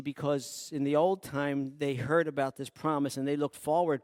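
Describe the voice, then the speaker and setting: A man preaching a sermon who swings from hushed, quiet passages to loud, emphatic ones. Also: on the high side, no room sound, studio quality. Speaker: pastor.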